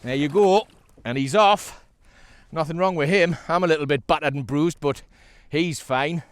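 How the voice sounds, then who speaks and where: A man with a North East English accent talking casually to the camera from a sea kayak while he fishes, chatty and excitable, laughing often and talking to the fish. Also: on the high side, normal speed, smooth, no echo. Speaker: kayak angler.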